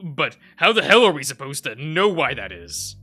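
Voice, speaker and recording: A man's voice: mid-range voice, sing-song, takes it slowly, bright, forceful tone, faint music behind, pitched above the performer's own voice, exaggerated voice. A man voicing a tied-up male wolf who pleads and speaks through gritted teeth. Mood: desperate.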